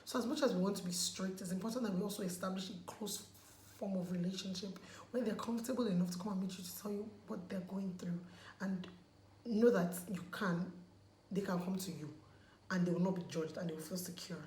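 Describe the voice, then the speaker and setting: A woman's voice: mid-range voice, brisk, darkish tone. A woman chatting casually in a vlog while taking off her makeup, emphatic and pleading, repeating words for stress. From Nigeria. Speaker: vlogger. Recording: echoey room, faint background noise.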